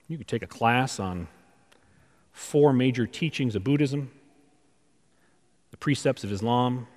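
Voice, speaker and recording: A man preaching a conversational sermon, full of rhetorical questions and pauses, in a church sanctuary. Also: medium pitch, a little mellow. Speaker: pastor. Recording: long reverb of a large hall.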